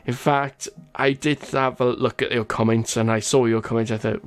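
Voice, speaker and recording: A man's voice: mid-range voice, steady tone, moderate pace. Chatty man reading viewer comments. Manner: chatty, stumbles over names, laughs often. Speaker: gaming channel host.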